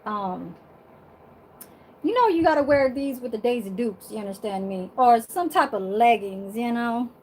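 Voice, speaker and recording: A woman's voice: fairly high pitch, lively intonation, moderate pace, darkish tone, a little hiss or hum, rough recording. A woman vlogger chatting casually to her viewers from her bedroom, sassy and blunt, swearing freely and laughing often.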